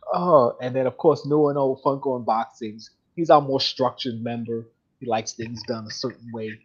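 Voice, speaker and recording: A chatty man hosting a casual live stream, rambling along and laughing easily. His voice is husky and a little breathy, and the audio is dull and lo-fi. He sits in a middle pitch for a man. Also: normal speed. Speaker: host of a live collectibles show.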